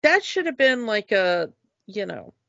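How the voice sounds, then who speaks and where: A woman co-hosting a casual chat, speaking slowly with lots of fillers and eager restarts. Her voice sits at an ordinary pitch, and the recording sounds dull and lo-fi in a dead, dry space. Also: sing-song, vocal fry, a bit bright, no echo. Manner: enthusiastic, halting with many fillers and restarts.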